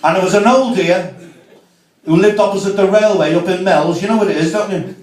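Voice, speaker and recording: Cheeky stand-up comic. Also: male voice, sits high, a little fast, a little mellow, a little hiss or hum. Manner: cheeky, chatty, with asides to the crowd. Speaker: stand-up comedian. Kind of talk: stand-up comedy set. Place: comedy club. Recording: echoey room, mic from far off.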